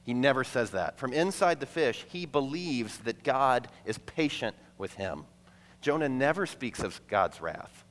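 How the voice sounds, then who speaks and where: A man preaching a sermon to a congregation, conversational and playful, acting out quick asides between the teaching. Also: medium pitch, animated, a bit bright. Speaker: pastor. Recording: long hall reverb.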